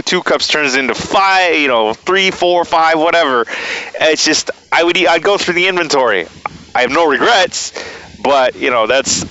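A man's voice: medium pitch, pushed and bright, dull audio. A man hosting a podcast, talking in a casual, rambling monologue full of fillers and playful asides. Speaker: podcast host.

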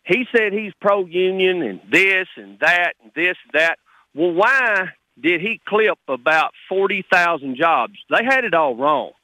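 Caller: middle-aged man, higher tense voice, heated and blunt, dry sound. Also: sing-song, sharp tone, dry recording, rough recording. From Texas. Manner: heated, rapid, blunt working-man talk. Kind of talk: call-in radio.

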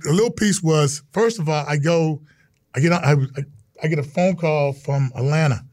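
Here a former professional football player, now middle-aged, shares stories in a relaxed interview, earnestly voicing the people he quotes. His pitch is on the high side, his tone a bit mellow, and his pace moderate, on a dry recording.

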